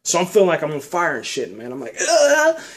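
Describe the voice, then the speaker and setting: A man's voice: a little high, sing-song, fast, vocal fry. A man telling a nightmare in a loose, rambling way, swearing a lot and dropping "man" and "you know" all through. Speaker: storyteller recounting a nightmare. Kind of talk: casual rambling storytelling.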